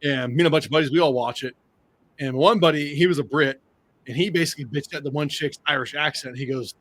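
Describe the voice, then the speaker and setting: Fast-talking, excitable American podcast host. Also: male voice, on the high side. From United States. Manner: fast, animated, swears a lot, excitable. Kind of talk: casual chat.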